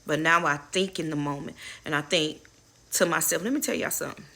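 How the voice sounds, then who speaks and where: A woman's voice: sits low, fairly even intonation, brisk, vocal fry, sharp tone. A middle-aged woman casually sharing life lessons with her viewers, candid and preachy, swearing freely and calling them y'all. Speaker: spiritual advisor and channel host. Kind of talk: casual inspirational talk to viewers.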